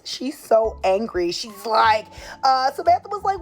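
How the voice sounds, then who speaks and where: A woman with a high, sing-song voice talks at a normal pace over soft background music. She casually recaps a soap opera episode, sassy and opinionated, acting out the characters' lines.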